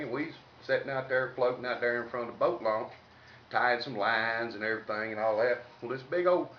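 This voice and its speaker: A man's voice: mid-range voice, a little hiss or hum. A man with a Southern US accent telling a rambling comic story in a folksy way, padding it with "and everything". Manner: folksy, repeats fillers like "and everything". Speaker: comedian. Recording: roomy, distant, dull lo-fi.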